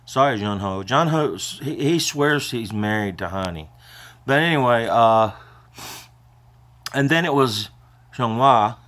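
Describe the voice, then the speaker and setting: A man's voice: mid-range voice, expressive, measured pace, pauses often, a bit bright. An older man vlogging in a casual, rambling way, emotional and prone to choking up as he talks.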